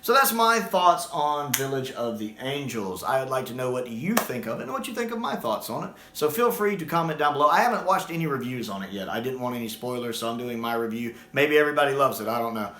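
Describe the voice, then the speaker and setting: A man gives a casual video review in an animated, exasperated rant. His voice is bright and forceful, at a middling pitch for a man. The recording has a noticeably roomy echo. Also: fast, few pauses, slight background noise. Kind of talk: casual ranting review vlog.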